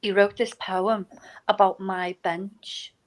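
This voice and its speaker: Speaking slowly in a mid-range voice, this middle-aged woman appears as a guest in a relaxed conversation. She writes novels and teaches poetry, and she tells her stories animatedly, performing the voices of those she quotes, though the recording is poor.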